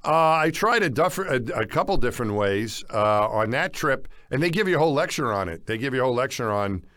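A man's voice: medium pitch, animated, brisk, fairly bright tone, no echo. Man from the United States, casual co-host, rambling with restarts, dry close recording. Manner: rambling, many restarts and fillers. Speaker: podcast co-host. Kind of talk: casual chat.

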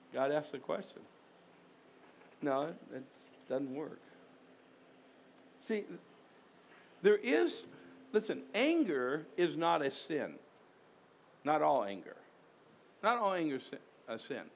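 A man, a pastor, preaching a conversational sermon, repeating himself and firing rhetorical questions at the congregation. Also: high voice.

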